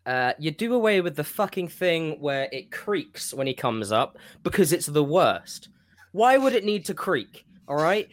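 A man on a casual podcast, rambling and stopping himself mid-thought as he pitches a wrestling storyline. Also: no echo. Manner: rambling, self-interrupting. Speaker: podcast co-host. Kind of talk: casual wrestling fantasy-booking chat.

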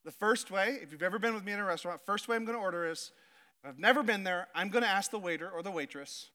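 A male pastor preaching a sermon, telling stories with animation and slowing down to stress his points. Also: sits high. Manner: storytelling, animated, builds to emphatic slow points. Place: church stage.

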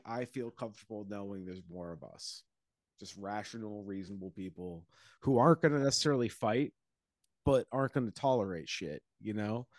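A man's voice: on the low side, no room sound. Laughing, wry man in dry chat. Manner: rambling, wry, laughs often, trails off quietly. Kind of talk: casual podcast chat.

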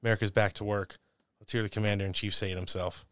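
A man's voice: fairly low pitch, level tone, quick pace, a bit bright, no room sound. A man hosting a comedy talk show, introducing clips with sarcastic quips. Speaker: podcast host. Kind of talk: comedic commentary chat.

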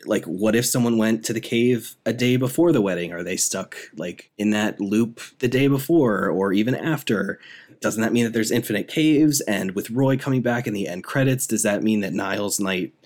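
A man's voice: on the low side, normal speed, darkish tone. A man co-hosting a podcast, chatting casually and enthusiastically about a movie, rambling and laughing often. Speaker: podcast co-host. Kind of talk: casual movie review chat.

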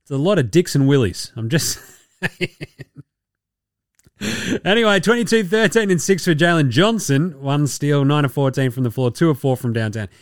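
An Australian man hosting a sports podcast, talking in a profane, joking, excitable way. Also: a little high, normal speed, pauses often, dry recording, studio quality. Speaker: podcast host. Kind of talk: casual sports commentary.

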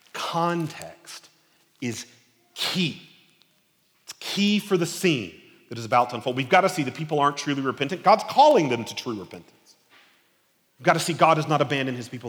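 A male preacher giving an expository sermon in an animated, conversational, emphatic way. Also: medium pitch, normal speed, big-room sound.

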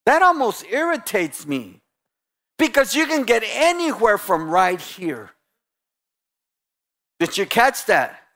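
A man with a high voice preaching a lively sermon. He is animated and a bit sarcastic, and he acts out what people say as he makes his points. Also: takes it slowly, long pauses. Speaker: guest pastor.

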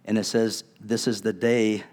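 A man's voice: fairly low pitch, flat delivery, a little slow, a little mellow. A male pastor preaching a sermon in a conversational, earnest way, with casual asides to his congregation.

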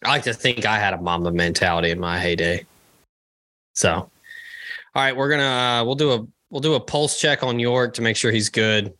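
Low, bright-voiced man chatting casually. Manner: joking, swears freely, quick asides. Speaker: podcast co-host. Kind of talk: casual chat.

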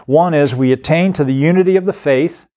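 A man's voice: on the high side, fairly quick, mellow. Earnest older man teaching scripture. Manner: earnest, repeats words while building emphasis. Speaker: guest speaker on discipleship. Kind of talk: preaching-style teaching talk.

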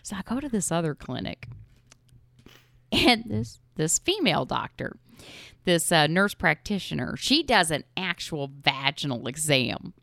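Gravelly-voiced woman, crude and laughing. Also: deep voice, very animated, a little slow, fairly bright tone, dry recording. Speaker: podcast host. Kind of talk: casual comedic storytelling.

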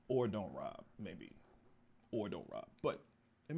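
A man from the American South telling a long comedic story, jumping into high-pitched voices for the people in it. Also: moderate pace, pauses often. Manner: animated, acts out other voices in high pitch. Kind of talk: storytelling stand-up.

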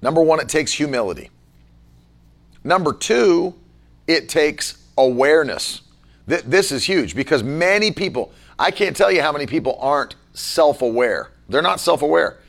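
A man leading a casual Bible-study chat as pastor, talking forcefully and emphatically. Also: on the high side, animated, moderate pace, vocal fry.

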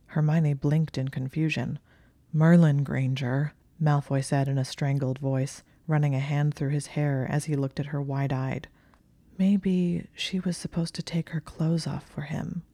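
An audiobook narrator reads fiction in a calm, steady storytelling way. The voice is mellow and level, with little rise or fall. The recording is close and dry. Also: medium pitch, moderate pace, no room sound. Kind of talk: scripted narration of fan fiction.

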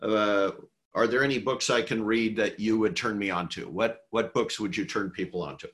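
A man hosting an interview, friendly in tone and pausing on small fillers as he asks his guest questions and wraps up the show. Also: fairly low pitch, steady tone, fairly bright tone. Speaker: podcast host.

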